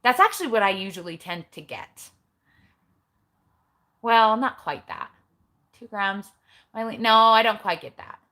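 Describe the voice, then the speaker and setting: A woman's voice: mid-range voice, very animated, unhurried, pauses often, bright, forceful tone. A middle-aged woman chatting casually on a livestream recorded on her phone, blunt and chatty with eye-rolling asides. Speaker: keto vlogger.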